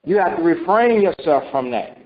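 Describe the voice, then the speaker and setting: A man's voice: a little high, expressive, normal speed. A man giving a conversational Bible teaching, asking rhetorical questions and acting out what people say. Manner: rhetorical questions, acts out voices. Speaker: preacher. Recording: dull lo-fi recording.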